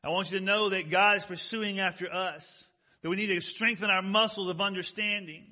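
A male pastor preaching a sermon, emphatic, asking his congregation questions and swinging from loud stressed words to soft, close remarks. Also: high-pitched, fairly even intonation, brisk. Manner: rises loud on key words, drops soft and intimate.

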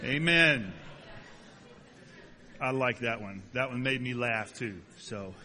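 Folksy pastor preaching in a reverberant hall. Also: male voice, medium pitch, slow, sharp tone. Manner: folksy, joking asides to the congregation. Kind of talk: sermon. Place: church sanctuary.

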